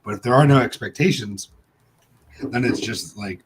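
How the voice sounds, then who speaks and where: A man's voice: mid-range voice, moderate pace, noisy background. A man who teaches improv comedy, talking casually and jokingly with many fillers. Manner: animated, filler-heavy, joking. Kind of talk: casual chat on a live show.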